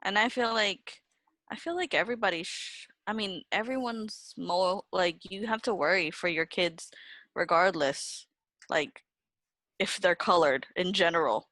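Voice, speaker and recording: A woman's voice: fairly low pitch, measured pace, a bit bright, dry recording. A young woman co-hosting a casual podcast, thinking aloud with hedges. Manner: reflective, hedging with "I feel like". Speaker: podcast co-host. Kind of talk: casual chat.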